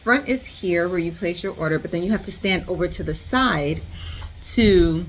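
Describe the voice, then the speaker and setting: Animated woman telling a storytime. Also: lowish voice, moderate pace, slight background noise. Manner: animated, slangy storytelling with lots of "like". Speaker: vlogger. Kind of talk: storytime vlog.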